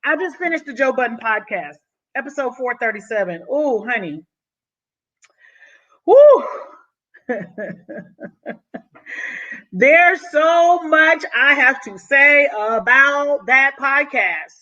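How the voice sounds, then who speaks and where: A woman's voice: high-pitched, measured pace. Breathless, effusive woman vlogger, lo-fi sound. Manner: excited, effusive, says "honey" often. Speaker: YouTube vlogger. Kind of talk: casual vlog monologue.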